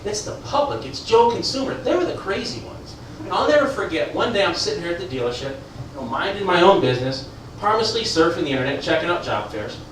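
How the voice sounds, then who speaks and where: A man performing stand-up comedy, telling a story with animated delivery and excited high-voiced quotes. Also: fast, slight background noise. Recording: echoey club room from a distance. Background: audience laughter.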